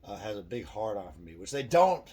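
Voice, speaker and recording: A man's voice: fairly low pitch, sing-song, fairly quick, mellow, breathy edge. A middle-aged man vlogging a rambling, profane opinion monologue with self-deprecating asides.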